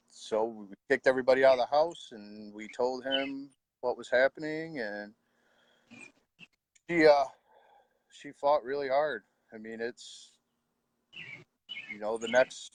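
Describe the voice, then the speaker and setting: A middle-aged man, quietly telling his own story of losing his wife, with halting pauses and heartfelt words. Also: mid-range voice. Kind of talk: personal storytelling.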